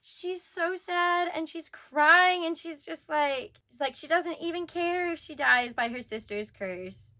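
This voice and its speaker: High-pitched young woman gushing about a manga, rambly and kinda emotional, says like a lot. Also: slow pace, hardly any pauses, sharp tone. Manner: rambling, heavy "like" filler, emotional. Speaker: manga reviewer. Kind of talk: casual review chat.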